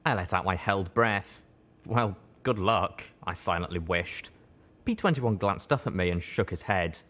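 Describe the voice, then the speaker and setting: A man reads a first-person story aloud as an audiobook narrator. His delivery is steady and measured, with a low, deep voice.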